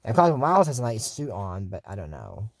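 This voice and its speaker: A man's voice: on the low side, wildly swooping pitch, fast talker, creaky, slight background noise. Rambling man recapping a cartoon. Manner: rambling, meandering asides. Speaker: video host. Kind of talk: casual cartoon episode recap.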